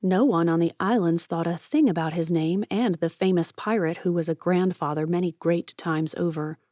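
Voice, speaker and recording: A woman reading an audiobook with steady, expressive narration. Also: lowish voice, moderate pace, dry recording, clean studio sound.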